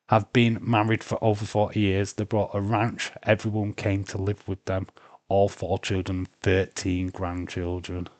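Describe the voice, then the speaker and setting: Man, livestream host, lowish voice, teasing and argumentative, dry sound. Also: darkish tone, no echo. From Britain. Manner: bantering, argumentative, laughs often. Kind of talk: casual livestream chat.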